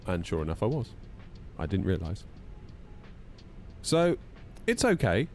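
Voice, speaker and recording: A man chatting casually while streaming a flight sim at home, voice jumping high when he gets indignant. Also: very animated, unhurried, creaky, mellow, faint music behind. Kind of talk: casual live-stream chat.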